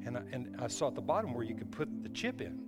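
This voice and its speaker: A male pastor preaches a sermon in church, talking fast in a sing-song, medium-pitched voice. He is emphatic and often restarts his phrases. Hall reverb and faint music surround him.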